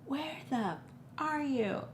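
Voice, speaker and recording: A woman's voice: high-pitched, lively intonation, slow, a little hiss or hum, pitched above the performer's own voice. A woman voicing her furious middle-aged mother, who swears and accuses in a volatile rage.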